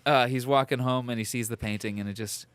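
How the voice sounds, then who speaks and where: A man's voice: medium pitch, fairly even intonation, fast, clean tone, no room sound. A man co-hosting a podcast, telling a rambling made-up story between laughs, with the hiccups. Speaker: podcast co-host. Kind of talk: casual comedic chat.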